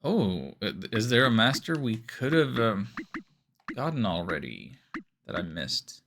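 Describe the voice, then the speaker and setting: A man's voice: on the low side, big pitch swings, a little slow, creaky, fairly bright tone, slight background noise. A man giving rambling, self-deprecating commentary while streaming a game. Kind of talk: casual let's-play commentary.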